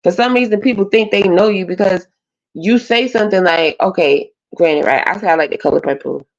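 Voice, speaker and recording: Here a woman with a medium-pitched voice talks a little fast, delivering a blunt, profanity-laced casual rant as a live stream panelist. The stream audio is lo-fi and dull.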